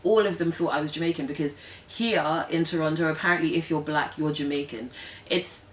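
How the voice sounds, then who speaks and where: Young woman, British accent, low voice, frank casual vlog chat, heard from a distance. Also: a little fast, a little hiss or hum. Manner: chatty, frank, with many fillers and quoted asides. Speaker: vlogger. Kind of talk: casual talk to camera. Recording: roomy sound from a distance.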